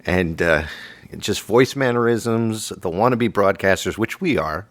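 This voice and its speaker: A man hosting a comedy podcast, with a low voice that swings up and down as he jokes and teases. The sound is dry and close to the mic. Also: lively intonation, unhurried, dry recording. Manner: joking, playful teasing. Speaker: podcast host. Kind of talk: casual comedy banter.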